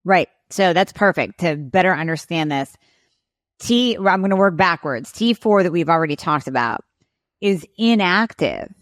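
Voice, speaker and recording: A woman with a fairly low voice explains things as an expert guest on a podcast. She walks through each point step by step and now and then acts out short exchanges between a patient and a doctor. The sound is dry and close. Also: no room sound. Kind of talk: podcast interview.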